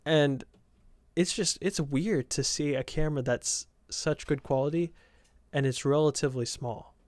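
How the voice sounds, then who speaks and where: Young man with a faint Southern lilt, slightly high voice, dry close sound; rambling casual podcast host. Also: a little slow, a little mellow, dry recording. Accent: light Southern US. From Southern United States. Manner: chatty, meandering, self-correcting.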